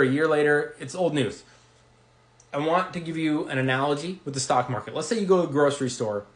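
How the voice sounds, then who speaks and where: A man giving energetic, reassuring investing advice straight to camera, acting out quick reactions as he goes. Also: on the high side. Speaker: investing video creator. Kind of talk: direct-to-camera finance talk. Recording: roomy echo.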